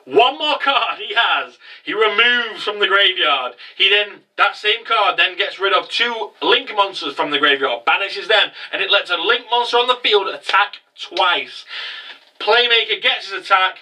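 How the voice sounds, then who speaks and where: A man recapping an anime episode casually, animated and swearing freely. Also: high-pitched, measured pace, far from the mic, rough recording. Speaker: anime reviewer.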